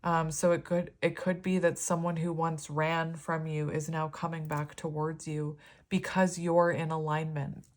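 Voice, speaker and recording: A young woman giving a casual, rambling tarot reading with big, expressive reactions. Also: sits low, measured pace, few pauses. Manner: chatty, rambling, expressive, laughs often. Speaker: tarot reader.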